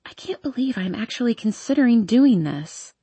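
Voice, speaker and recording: A woman reading a first-person romance story aloud in a soft, intimate manner. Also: on the high side, expressive, normal speed, slightly rough, dry recording. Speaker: audiobook narrator.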